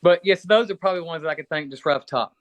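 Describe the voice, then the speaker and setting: A man's voice: on the high side, quick pace, no room sound. A middle-aged man from Kentucky, a musician guest chatting casually and a bit rambling in an interview. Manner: relaxed, rambling, friendly.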